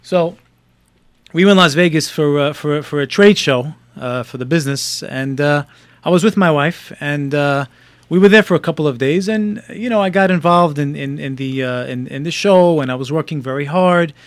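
A middle-aged man tells a story in an easy, casual way. He stumbles through fillers and restarts, then rises with animation at the exciting parts. His voice sits fairly high and sounds dry and close. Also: moderate pace, no room sound. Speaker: guest telling a story.

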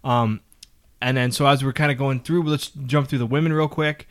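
A man's voice: mid-range voice, normal speed. A man co-hosting a casual chat show who recaps wrestling step by step and often restarts with "um". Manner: steady storyteller, restarts often with "um". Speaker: podcast co-host.

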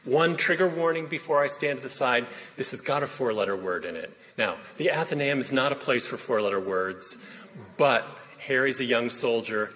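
A man introducing the cast of a play reading, halting with many pauses and fillers. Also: mid-range voice, lively intonation, a bit bright. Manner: halting, many ums and uhs. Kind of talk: casual spoken introduction. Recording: reverberant hall.

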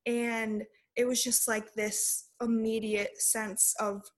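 A woman's voice: on the high side, little pitch movement, takes it slowly. A young adult woman, a podcast guest, telling a personal story in a casual way with lots of "like" fillers.

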